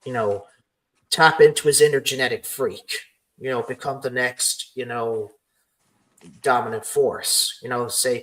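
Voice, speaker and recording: A man hosting a podcast in loose, casual chat. He rambles and leans on "you know" often. His pitch sits in an ordinary middle range. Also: normal speed, fairly bright tone, low-quality recording. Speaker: podcast host.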